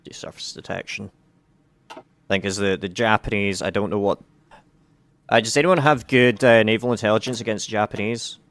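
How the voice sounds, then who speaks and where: A man hosts a game live stream, chatting loosely with viewers and fellow players. He hesitates a lot, stopping to restart his sentences. His voice sits a bit low for a man. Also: fairly even intonation, normal speed, pauses often, fairly bright tone. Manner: hesitant, many fillers and restarts. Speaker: game community specialist hosting a live stream. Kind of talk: casual live-stream chat.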